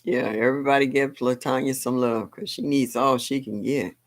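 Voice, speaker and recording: A woman's voice: a bass voice, fairly even intonation, moderate pace. Folksy older woman live-streaming. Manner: folksy, exclamatory, laughs often. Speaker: livestream host. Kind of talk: casual live-stream chat.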